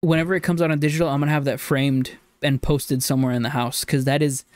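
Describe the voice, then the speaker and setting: A fairly high-voiced man co-hosting a podcast who gushes with excitement and often leaps up in pitch. The sound is dry and close, with no room around it. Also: fast talker, dry recording. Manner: excitable, gushing, gasps and jumps up in pitch when delighted. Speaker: podcast co-host. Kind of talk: casual chat.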